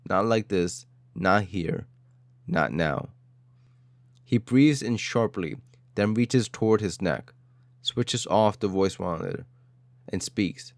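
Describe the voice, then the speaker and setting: Low-voiced man narrating a dramatic story. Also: animated, slow pace, pauses often, no room sound. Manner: dramatic, clipped phrases.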